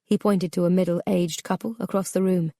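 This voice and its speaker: A woman narrating a memoir audiobook in a measured, subdued, somber way. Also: fairly low pitch, steady tone, mellow, dry recording, clean studio sound.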